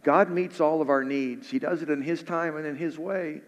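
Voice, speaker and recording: A male pastor giving a sermon in an earnest preaching style, then praying softly and low. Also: normal speed, few pauses, lo-fi sound. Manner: earnest preaching, drops soft and low in prayer. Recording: hall reverb.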